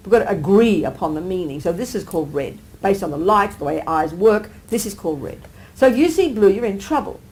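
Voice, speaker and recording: A woman Buddhist teacher giving a live talk, animated, often asking her listeners whether they agree and acting out everyday exclamations. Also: medium pitch, brisk, slight background noise, low-quality recording. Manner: acts out everyday exclamations with sudden lifts. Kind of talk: live dharma teaching to an audience.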